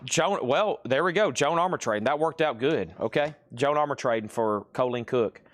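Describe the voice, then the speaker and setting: A man's voice: medium pitch, normal speed. A man hosting a live-stream record sale, reading off titles and prices and thinking aloud as he sorts buyers. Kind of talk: live-stream auction selling.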